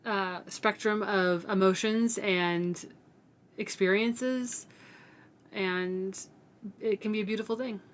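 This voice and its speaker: A woman's voice: mid-range voice, steady tone. Earnest woman podcast co-host. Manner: earnest, agreeable, measured. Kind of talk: casual podcast discussion.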